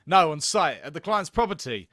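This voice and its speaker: A man's voice: on the high side, big pitch swings, moderate pace, a bit bright, no room sound, clean studio sound. A man voicing a proud, stubborn old master locksmith who grumbles about never getting paid, in a video game. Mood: defensive grumbling.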